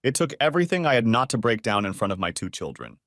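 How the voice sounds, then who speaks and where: A man's voice: mid-range voice, sing-song, fast, a bit bright, dry recording. Man narrating a story in a dry voice. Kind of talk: scripted first-person narration.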